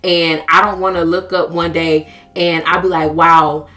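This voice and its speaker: A woman's voice: on the low side, little pitch movement, normal speed, fairly bright tone. A woman in her twenties with an American accent, talking candidly and earnestly to camera about her personal affirmations. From United States. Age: 20s. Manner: earnest, confessional, emotionally open. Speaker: vlogger. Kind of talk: candid self-help talk to camera.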